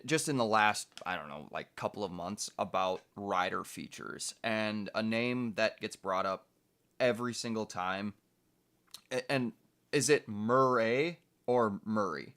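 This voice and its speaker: Low smooth-voiced man reviewing edits. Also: a bit bright. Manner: rambling, restarts often, thinks aloud. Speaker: co-host reviewing video edits. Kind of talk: casual podcast chat.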